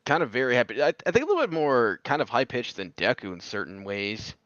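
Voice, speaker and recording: A man's voice: medium pitch, big pitch swings, fast, a bit bright, dry recording, highs cut off. A man voicing a friendly male cartoon hedgehog in an easygoing, chatty fan role-play Q&A. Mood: cheerful. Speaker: character answering fan questions.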